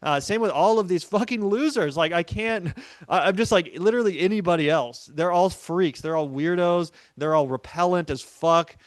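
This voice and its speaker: A man in casual political talk, ranting in a heated, profane, rapid-fire way. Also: high-pitched, dry recording.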